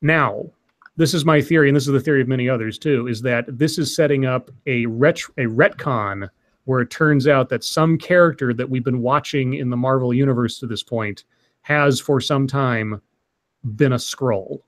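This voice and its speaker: A man with a middle-pitched voice co-hosts a casual live stream. He is chatty and likes to explain topics at length. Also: moderate pace. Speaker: stream co-host.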